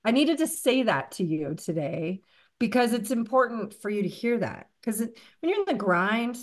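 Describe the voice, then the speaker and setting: A woman's voice: fairly high pitch, sing-song, moderate pace. A woman hosting a podcast interview, earnest and affirming as she speaks directly to her guest. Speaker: podcast host. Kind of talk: casual interview conversation.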